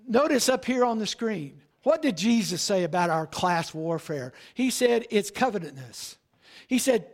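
A pastor preaching a sermon, asking rhetorical questions and repeating key lines. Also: male voice, very high-pitched, sing-song, normal speed.

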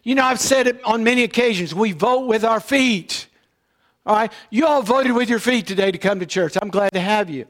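A man's voice: high-pitched, normal speed, a bit bright. A male pastor preaching a morning sermon in church, explaining scripture in a conversational way and often checking in with "all right?".

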